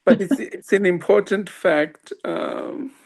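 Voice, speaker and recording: A man with a fairly high voice tells a personal story as a podcast guest. He is lively and laughs often, and he acts out each person's lines. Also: slow, vocal fry. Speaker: guest, swami.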